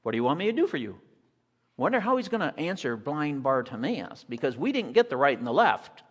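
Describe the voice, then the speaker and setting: A man's voice: a little high, big pitch swings, fairly quick. A man voicing two grumbling disciples in a complaining, aggrieved way, recorded in an echoey hall.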